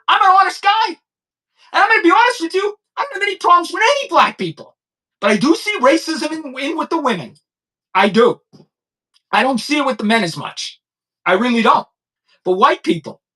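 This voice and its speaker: A man's voice: very high-pitched, bright, forceful tone, poor audio. A man in his fifties hosting a crime-commentary show, talking bluntly in an unscripted monologue and repeating his points. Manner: blunt, repetitive, heated; subdued and halting when recounting personal loss.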